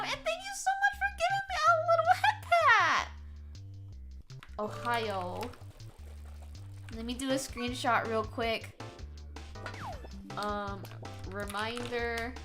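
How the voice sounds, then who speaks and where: Young female streamer, playful and dramatic, high animated voice over background music. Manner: playful, dramatic, giggly, teasing. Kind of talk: casual live-stream chat with viewers.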